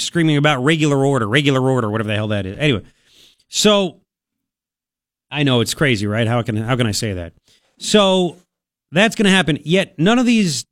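A man hosting a talk radio show in a studio, delivering an opinionated monologue in a sarcastic, mocking, animated way. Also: a little high, no echo. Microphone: studio microphone.

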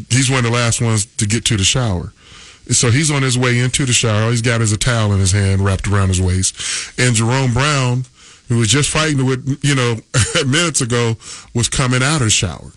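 A man's voice: medium pitch, fairly bright tone, no room sound. A man on sports radio telling a locker-room story, laughing often and acting out his teammates' lines. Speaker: radio guest.

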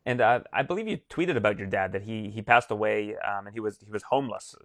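A man interviewing a guest, asking brisk, direct questions. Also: on the low side, fairly bright tone, no room sound, studio quality.

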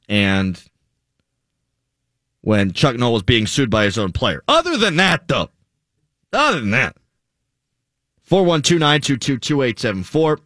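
Man, sports radio host, opinionated, reads tweets, animated, close dry mic. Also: mid-range voice, no room sound.

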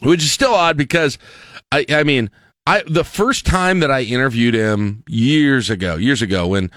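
A man's voice: mid-range voice, moderate pace, a bit bright, dry recording. Rambling man telling stories, dry mic. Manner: rambling, self-interrupting storyteller with frequent restarts. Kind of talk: casual chat.

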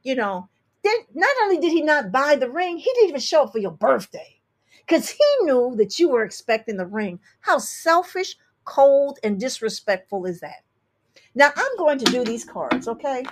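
A woman's voice: sits high, sing-song, normal speed. A woman astrologer hosting a show, reading listener emails and giving blunt, sassy advice with emphatic repeats. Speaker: astrologer and tarot reader host.

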